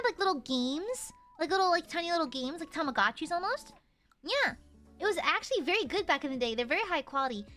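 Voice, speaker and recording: A woman's voice: high-pitched, pushed and bright. A woman streamer chatting casually with her viewers, giggly and rambling with lots of fillers. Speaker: livestreamer.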